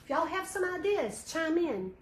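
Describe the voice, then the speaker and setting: A middle-aged woman works on a craft project during a livestream, chatting casually with viewers and reading out their comments. Her very high voice swings widely in pitch at a moderate pace, and the room is echoey with clear background noise.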